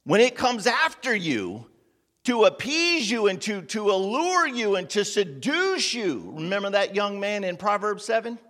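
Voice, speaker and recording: A man's voice: sits high, very animated, a little slow, fairly bright tone. A man preaching a sermon to a congregation, asking rhetorical questions and calling on listeners by name. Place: meeting room with congregation. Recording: long hall reverb.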